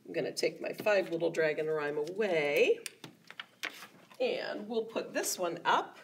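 A woman's voice: fairly low pitch, expressive, a little slow, a little hiss or hum. A woman children's librarian leading storytime, with sing-song rhymes and coaxing questions to young children. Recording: voice a little distant from the mic.

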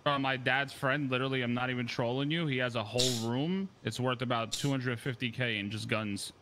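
A man's voice: mid-range voice, fairly even intonation, fairly quick, noisy background. A young man in casual voice chat, laid-back and boastful, swearing freely. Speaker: game player chatting out of character.

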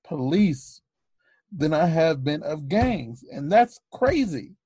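A man co-hosting a casual podcast who talks earnestly with stammering restarts and keeps his voice above its natural deeper range. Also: big pitch swings, takes it slowly, mellow, slightly rough, dry recording. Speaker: podcast co-host.

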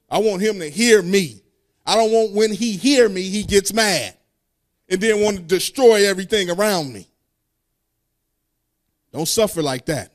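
A man preaching a sermon, reading scripture aloud and breaking into sung, call-and-response lines in casual speech. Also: high voice.

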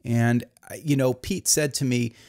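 A man's voice: medium pitch, fairly even intonation, moderate pace, a little mellow. A man hosting a satirical comedy review show, talking in a mock-earnest, rambling way. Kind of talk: deadpan satirical monologue.

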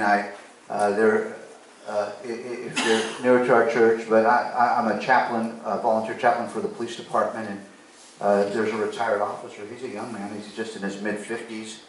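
A man's voice: on the low side, a little hiss or hum. Guy preaching from the pulpit, earnest story, sounds far off in a big echoey church. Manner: earnest storytelling, acts out dialogue. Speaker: pastor. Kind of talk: sermon with personal story. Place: church sanctuary.

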